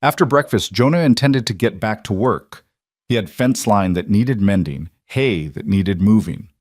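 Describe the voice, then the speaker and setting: Male narrator for a western story read, lowish pitch, dry close sound, steady measured delivery. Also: no room sound.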